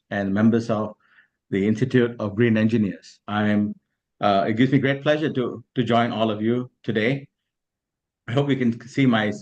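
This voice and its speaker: A man giving a guest talk at an online event over a video call, measured and polite, with some fillers. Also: on the low side, dull audio. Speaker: guest speaker. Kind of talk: formal talk.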